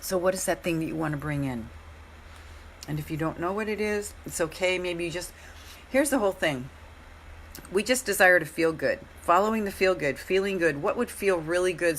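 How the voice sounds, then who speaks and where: A middle-aged woman with a hoarse, very low voice talks warmly to viewers in a live coaching stream. She is gentle and encouraging and repeats her phrases softly. A faint hum sits under the recording. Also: moderate pace.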